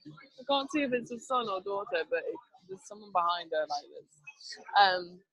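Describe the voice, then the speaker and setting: A woman's voice: medium pitch, expressive, normal speed, a bit bright, dry recording, rough recording. A woman leading a team training over a video call, upbeat and chatty, laughing often. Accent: not Canadian. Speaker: team leader.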